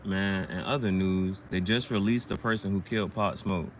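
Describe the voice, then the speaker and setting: Man, low register, casual slangy freestyle rambler, slight background noise. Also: fairly even intonation, normal speed. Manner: loose, slangy, playful rhymes. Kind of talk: casual rhyming monologue.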